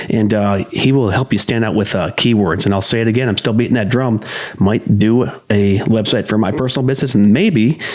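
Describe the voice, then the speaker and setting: Male podcast co-host, lower-pitched, chatty and tangent-prone; drifts off topic and laughs through his own lines. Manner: rambling, goes off on tangents, laughs mid-sentence. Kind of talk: casual podcast chat.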